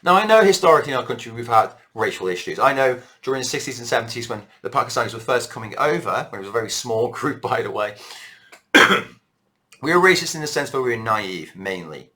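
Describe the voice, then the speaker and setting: A British man holds forth in an unscripted, rambling rant straight to camera. His voice is bright and forceful, pitched in an ordinary middle range, and he keeps circling back to his points with heated conviction. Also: sing-song, brisk. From Britain. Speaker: political vlogger.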